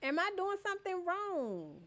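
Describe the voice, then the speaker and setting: A woman's voice: extremely high pitch, sing-song, moderate pace, fairly bright tone. A woman live-streaming a cozy decorating game, chatting casually with her chat, greeting and thanking viewers by name, teasing them playfully and laughing often.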